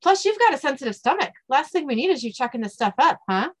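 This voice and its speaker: A woman quoting the lines of a wisecracking grown man, in a lively way with bursts of loudness. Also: high-pitched, fast, pitched above the performer's own voice. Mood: joking.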